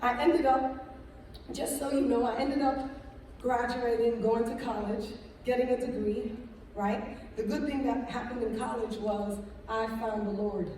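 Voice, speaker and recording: A woman giving a church testimony to an audience in a large hall, animated and conversational, often checking in with her listeners. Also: fairly high pitch, a little slow, a little hiss or hum. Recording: echoey hall from far off.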